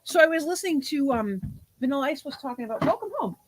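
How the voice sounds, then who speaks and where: Speaking fast in a high, animated voice, this podcast co-host, a half-Portuguese woman in her forties, laughs a lot and swears a bit during casual livestream chat. There's background noise.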